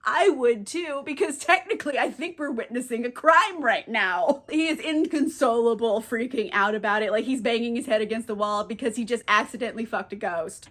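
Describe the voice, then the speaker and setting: A woman's voice: on the high side, a bit bright. A young woman casually recapping a book, chatty and profane, with "like" in almost every sentence. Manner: chatty, fills with "like", swears freely. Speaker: book reviewer.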